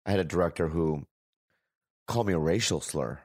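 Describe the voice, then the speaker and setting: A man, a comedian guest in a casual chat, reacting with excited exclamations. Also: a little fast, dry recording, studio quality. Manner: excitable, jumps to high exclamations.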